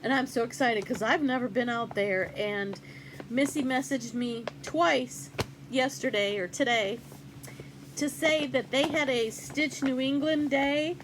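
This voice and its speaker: A woman's voice: on the high side, a little hiss or hum, poor audio. An older woman hosting a casual cross-stitch vlog, chatty and rambling with fillers as she shows off gifts. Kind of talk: casual show-and-tell vlog.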